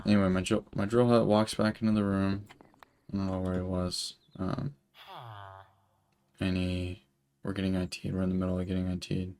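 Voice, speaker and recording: A man's voice: sits low, monotone, moderate pace, long pauses, darkish tone. A young man telling a long story while he plays a game, rambling and swearing, with lots of filler words. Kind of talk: casual storytelling while gaming.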